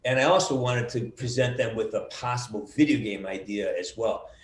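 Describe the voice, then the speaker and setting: A middle-aged man being interviewed over a video call, telling lively stories and acting out the quotes, with some swearing. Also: fairly low pitch, fairly quick. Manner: animated storyteller, acts out quotes with swearing. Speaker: voice actor guest. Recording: roomy video call audio.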